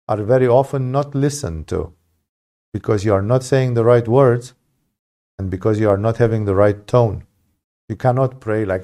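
A man's voice: mid-range voice, mellow. A man giving an informal Bible study lesson, talking in an emphatic, conversational way and often restarting his phrases. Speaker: Bible teacher.

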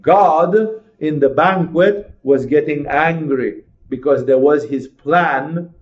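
Male spiritual teacher, fervent and rhetorical, a touch high-pitched; muffled lo-fi recording. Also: a little mellow. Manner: passionate, rhetorical questions, acts out inner voices. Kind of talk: sermon-like lecture.

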